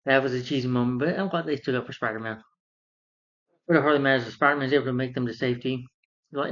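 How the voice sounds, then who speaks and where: A man's voice: medium pitch, fairly even intonation, fast, pauses often, fairly bright tone. Man recapping a film, muffled audio. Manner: rambling, with fillers. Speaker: film reviewer.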